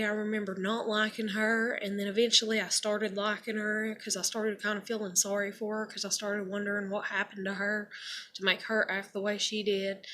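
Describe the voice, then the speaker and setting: Against slight background noise, a young woman vlogger bluntly recounts something personal, her medium-pitched voice sharp in tone. Her casual telling wanders, peppered with swearing and plenty of "like" and "you know."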